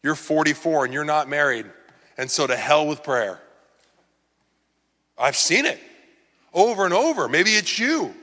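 A man's voice: fairly high pitch, expressive, a little slow, long pauses, pushed and bright, big-room sound. A man preaching a sermon in a conversational, earnest way, often acting out the words of the people he talks about. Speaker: pastor.

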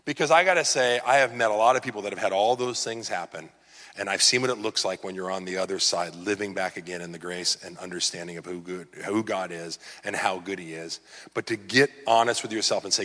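Earnest preacher in a reverberant hall. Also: male voice, fairly low pitch, fairly quick. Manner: conversational, earnest, animated. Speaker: pastor. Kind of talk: sermon.

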